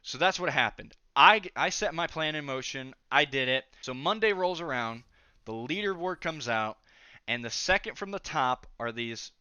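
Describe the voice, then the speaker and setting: A man's voice: medium pitch, bright, forceful tone, clean tone, no echo. A young man telling a long story from his school days, chatty and rambling, full of fillers and asides. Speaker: storytelling vlogger. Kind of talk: casual storytime narration.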